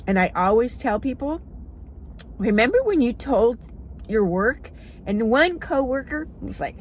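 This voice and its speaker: A woman's voice: high-pitched, sing-song, unhurried, slight background noise. A middle-aged woman, a running coach, talking casually and encouragingly to the camera, with frequent ums. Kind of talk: casual advice talk to camera.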